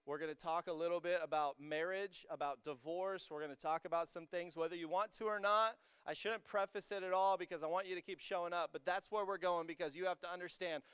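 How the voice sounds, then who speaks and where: A young male youth pastor preaching a lively sermon to students. His voice is slightly high and very clear, close and dry on the mic, and he swings from joking asides to emphatic, rising peaks. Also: brisk, hardly any pauses, no room sound. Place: church hall with a student congregation.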